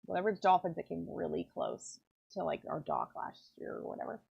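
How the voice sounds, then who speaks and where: A woman's voice: on the low side, steady tone, a little fast, creaky, darkish tone, husky. A woman rambling casually with plenty of fillers while she works in her pen workshop. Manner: rambling, chatty, many fillers. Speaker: pen maker and channel host. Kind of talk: casual chat while working. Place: home workshop. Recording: dull lo-fi sound.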